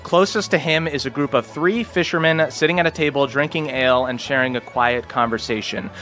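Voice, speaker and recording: A man's voice: medium pitch, brisk, sharp tone, faint music behind. A man narrating a tabletop game as game master in a casual, laughing manner.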